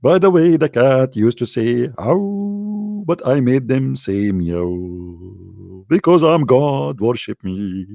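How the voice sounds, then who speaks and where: A man voicing a boastful, petty male god in mockery, drawing out each word slowly and pompously in a gravelly voice. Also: medium pitch, very animated, dark tone, dry recording, studio quality, pitched below the performer's own voice, heavily acted. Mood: mocking, pompous. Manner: slow, drawn-out mocking delivery.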